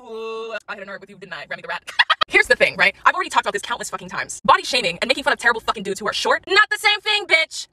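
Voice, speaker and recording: Brief: woman creator, sassy profane roast-style rant, rapid delivery, audible background noise on the recording. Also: fairly high pitch, sharp tone. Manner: brash, sassy, laughs often. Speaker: content creator. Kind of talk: profane comedic rant to camera.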